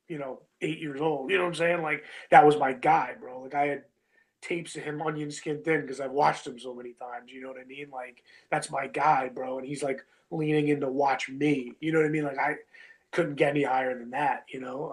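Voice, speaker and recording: A man's voice: medium pitch, poor audio. A man in his thirties, a wrestler telling a long story in a casual interview, full of fillers like "you know what I mean" and "bro".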